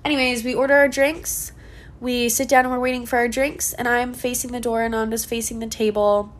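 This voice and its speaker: A woman with a high voice tells a story in a casual chat. She sounds excitable and gushing and giggles often. She is speaking from a hotel room. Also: fairly quick. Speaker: co-host.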